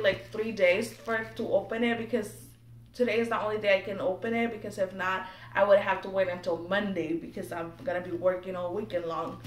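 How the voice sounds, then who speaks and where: A young woman chatting excitedly to camera while unboxing something at home, nervous and giggly. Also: mid-range voice. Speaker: vlogger. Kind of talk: casual unboxing chat to camera. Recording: echoey room, mic a bit distant, faint background noise.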